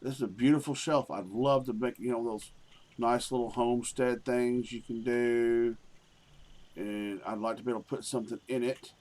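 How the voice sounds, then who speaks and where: A man's voice: medium pitch, steady tone, moderate pace, darkish tone. A man chatting casually and profanely while streaming a game. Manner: rambling, profane, easygoing. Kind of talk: casual live-stream chat.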